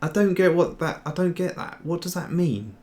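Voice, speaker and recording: A man's voice: on the high side, expressive, normal speed, a little mellow. A man hosting a casual livestream tutorial, rambling and chatty as he answers viewer chat while he works. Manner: rambling, chatty, trails off and restarts. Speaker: host, 3D sculptor.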